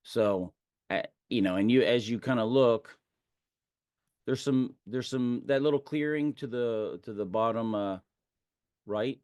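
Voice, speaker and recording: A man narrates a tabletop game as its game master, wandering through his descriptions with fillers and restarts. His voice sits at a middle pitch. The sound is dry and close. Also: a little slow, long pauses, darkish tone, clear, resonant tone, no echo. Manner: rambling, hesitant, many fillers and restarts.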